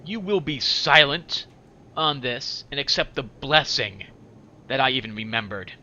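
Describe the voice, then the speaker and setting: A man voicing a sly, scheming man on a crutch, talking slow, oily and threatening. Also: mid-range voice, sharp tone, muffled recording, slight background noise. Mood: testy.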